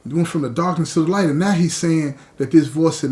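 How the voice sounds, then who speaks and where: Male podcast host, a touch high in pitch, tells a story with animated, chatty delivery. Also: brisk. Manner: animated, conversational retelling, addresses listeners directly.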